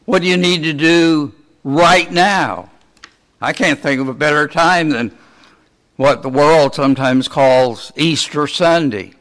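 A man preaching a sermon, asking his listeners many rhetorical questions in a slow, deliberate way. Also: a little high, a bit bright.

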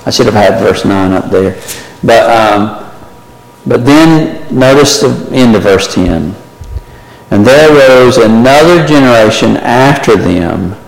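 A man's voice: medium pitch, expressive, slow, vocal fry. Male Bible study teacher, chatty and questioning, recorded in a big reverberant hall. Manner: conversational, asks the class questions, frequent "right?". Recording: echoey hall from far off.

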